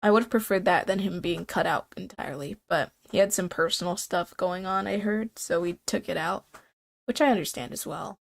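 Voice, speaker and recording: A woman's voice: on the low side, fairly quick, gravelly. Young woman streamer, congested and nasal-sounding, loose rambling chat. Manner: chatty, rambling, laughs often.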